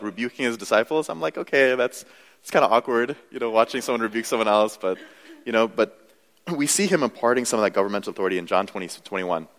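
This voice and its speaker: A man's voice: mid-range voice, a bit bright, long reverb tail. A young adult man preaching a sermon in a conversational, self-deprecating way, full of "you know"s. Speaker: pastor.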